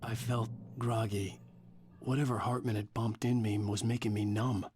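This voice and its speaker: A low, worn-out voice from a man playing a suspicious writer in a video game, narrating in flat, sardonic inner monologue. A clear steady hiss runs behind him. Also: moderate pace, lightly acted. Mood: groggy. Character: weary, suspicious male writer.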